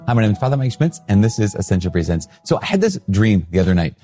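A man's voice: on the low side, sing-song, fast talker, dark tone, soft background music. A man, a priest, talking candidly to camera, self-questioning and loose with fillers. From Minnesota. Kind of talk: casual reflective talk to camera.

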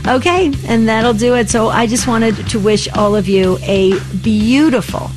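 A woman hosting a talk radio show, speaking in an encouraging, upbeat way and often talking quickly. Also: fairly high pitch, over music.

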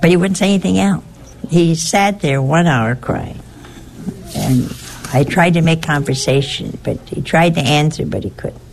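An older woman, a nun, telling a personal story in a halting way, repeating words and adding chatty asides. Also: deep voice, vocal fry, darkish tone, slight background noise.

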